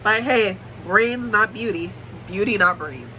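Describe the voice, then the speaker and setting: A woman's voice: mid-range voice, a little slow, sharp tone, a little hiss or hum, poor audio. A young woman giving a casual, blunt, swear-heavy recap of a book series. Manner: blunt, profane, joking commentary. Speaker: book YouTuber.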